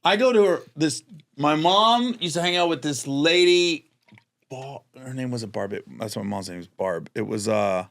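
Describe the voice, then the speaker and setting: A man chatting as a guest on a podcast, telling a story with lively energy, acting out other people's voices and laughing often as he talks. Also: medium pitch, normal speed, gravelly. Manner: animated storyteller who acts out other voices; laughs often while talking. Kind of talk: casual podcast chat.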